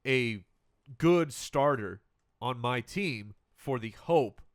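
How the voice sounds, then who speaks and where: A man co-hosting a sports podcast, playful and teasing as he chats. His pitch moves around a lot, and the mic is close and dry. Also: expressive, slow pace, no echo. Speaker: podcast co-host. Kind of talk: casual sports chat.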